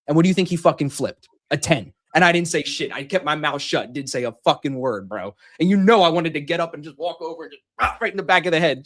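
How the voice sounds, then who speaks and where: Profane, animated male storyteller. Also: on the high side, fast talker, hardly any pauses. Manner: animated, profane storytelling, acts out quotes loudly. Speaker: podcast host telling a story. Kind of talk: casual chat.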